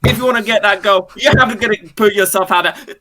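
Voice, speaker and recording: A man's voice: high voice, quick pace, pushed and bright. A young man voicing a bossy drill-sergeant snake who barks orders. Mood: barking. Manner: barking, pushy.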